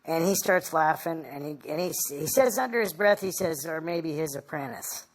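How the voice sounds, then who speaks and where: A woman being interviewed, recounting a personal story in a halting, rambling way. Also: low-pitched, lively intonation. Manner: halting and rambling, full of "you know".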